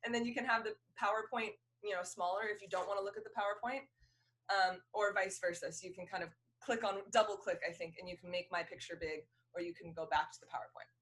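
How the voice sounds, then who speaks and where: A woman's voice: medium pitch, fairly even intonation, fast talker, fairly bright tone. Woman teaching fiddle over a video call. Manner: friendly, explanatory, counts beats aloud. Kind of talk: online music lesson.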